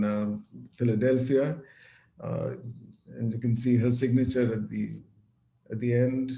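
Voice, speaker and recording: Low, mellow male lecturer in an echoey room. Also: vocal fry. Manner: measured, reads quotations with some restarts. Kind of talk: academic lecture, partly read. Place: room, speaking over video call. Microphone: video call.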